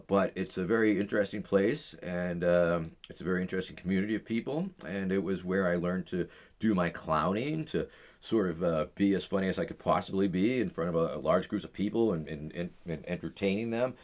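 Low-voiced middle-aged man telling stories. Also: darkish tone. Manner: rambling, full of "uh" and "um" fillers. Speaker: interview guest. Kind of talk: casual storytelling in an interview.

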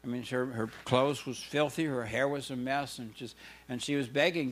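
A man's voice: mid-range voice, steady tone, brisk, a bit bright. A man preaching a sermon, telling stories in an earnest way and building to fervent emphasis. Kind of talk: sermon with storytelling.

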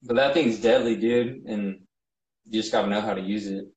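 A man hosting a casual podcast chat, laid-back and teasing, firing off quick questions. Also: on the low side, fairly even intonation, a little mellow, slight background noise. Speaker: podcast host. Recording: roomy echo.

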